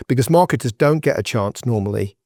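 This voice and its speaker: A man's voice: mid-range voice, animated, a little fast, darkish tone, no room sound, studio quality. Emphatic man giving business advice. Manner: emphatic, direct, conversational. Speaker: guest entrepreneur. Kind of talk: podcast interview, advice.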